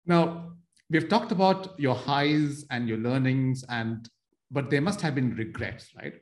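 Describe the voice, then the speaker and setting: A male podcast host with a mid-pitched voice puts long, carefully built questions to his guest. He stumbles and restarts now and then, and the room around him has a noticeable echo. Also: a little slow, a little mellow. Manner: asks long multi-part questions with hesitant restarts. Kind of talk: interview podcast conversation.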